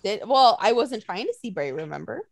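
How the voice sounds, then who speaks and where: A woman's voice: mid-range voice, normal speed, creaky. A woman co-hosting a casual chat, telling stories with lots of swearing and acted-out quotes. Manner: animated storytelling, swears a lot, acts out quotes.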